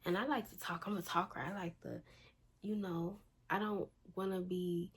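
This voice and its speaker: A woman's voice: lowish voice, fairly even intonation, moderate pace. A young woman telling a storytime in a blunt, exasperated, slangy way. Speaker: vlogger. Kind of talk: casual storytime. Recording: faint background noise.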